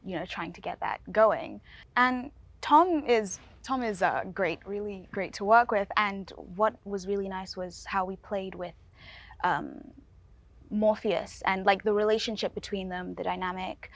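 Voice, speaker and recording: A woman's voice: medium pitch, unhurried, gravelly, dry recording, lo-fi sound. A young actress talking casually and a little hesitantly about her first role at a panel. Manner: casual, hesitant, lots of fillers. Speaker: actor. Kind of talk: panel discussion.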